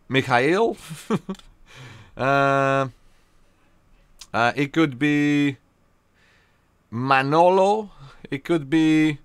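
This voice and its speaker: A young man from Spain with a Spanish accent, chatting casually and joking with viewers during a live game stream, often pausing on fillers. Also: mid-range voice, a bit bright, clean tone, no echo.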